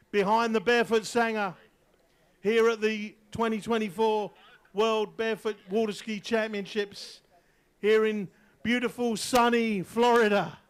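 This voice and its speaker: An English man commentates live on a water ski event outdoors, joking with the crowd between jumps. His voice sits high for a man and rings out smooth and clear. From England. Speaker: event announcer. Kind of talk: live sports commentary over a PA.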